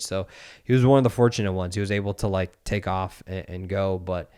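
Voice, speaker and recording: A man's voice: low-pitched, steady tone, moderate pace, a little mellow, clean tone, dry recording, clean studio sound. A man in his thirties in casual podcast chat, telling a story animatedly and acting out the voices of the people in it.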